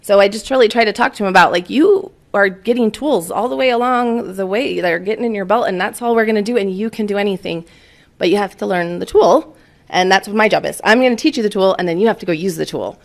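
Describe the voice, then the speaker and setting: A woman's voice: mid-range voice, fast talker, creaky. A woman in her forties, a teacher giving a chatty conference talk full of fillers and laughter. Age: 40s. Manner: chatty and warm, laughs often, lots of fillers. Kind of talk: conference presentation.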